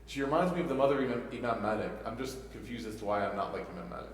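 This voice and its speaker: Speaking rapid-fire in a medium-pitched voice, this young imam, raised in Chicago by a family from Egypt, addresses youth in a mosque with an emotional talk full of stories, jokes and frequent rhetorical questions. He's captured at a distance in an echoey hall, and a little hiss or hum runs underneath.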